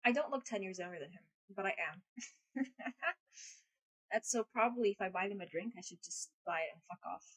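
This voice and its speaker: A woman's voice: medium pitch, fairly quick, a bit bright, slightly rough, poor audio. A woman chatting casually on a live stream, rambling, crude and self-mocking, swearing freely. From United States.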